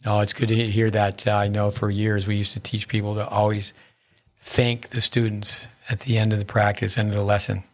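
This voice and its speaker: A man's voice: fairly low pitch, monotone, a little fast. A man hosting a tennis podcast, asking his guest questions and adding his own coaching remarks. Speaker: podcast host. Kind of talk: podcast interview.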